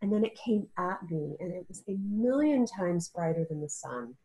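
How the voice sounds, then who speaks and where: A woman guest in an audio-only interview talks casually in a lowish, mellow voice at normal speed, animated yet earnest and searching, often restarting her sentences. The recording is rough.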